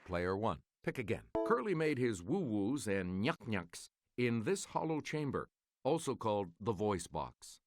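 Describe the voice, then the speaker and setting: A man hosting a game show, reading quiz clues in a measured, formal manner. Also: on the low side, very animated, a faint crowd.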